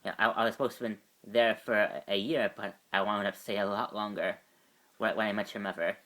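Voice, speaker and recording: A man voicing a wistful middle-aged doctor father, rambling and halting as he tells his past. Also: fairly low pitch, fairly even intonation, fairly bright tone. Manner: rambling, halting, repeats "you see". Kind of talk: amateur fan voice acting.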